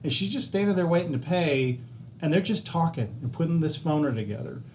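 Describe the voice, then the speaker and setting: A man's voice: a little high, brisk, a little hiss or hum. A man co-hosting a podcast, telling a story casually with plenty of swearing. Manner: profane, animated anecdote-telling with quoted voices. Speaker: podcast co-host.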